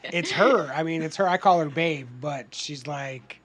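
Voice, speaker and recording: Man, bright and forceful voice, slightly high, casual podcast storytelling, animated. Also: unhurried. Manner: animated storyteller, swears freely, acts out quotes.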